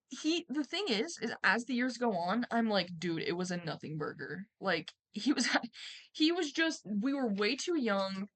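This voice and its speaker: A young woman streamer telling a personal story in a rambling, animated way, swearing and acting out quotes loudly. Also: on the high side. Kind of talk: casual storytime.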